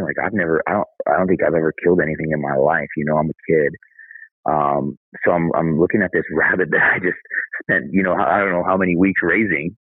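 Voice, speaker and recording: A man's voice: a bass voice, steady tone, quick pace, husky, no room sound. A man telling a story as a podcast guest in a candid, conversational way. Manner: candid, conversational, says "dude". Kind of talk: casual storytelling. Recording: thin phone-like line.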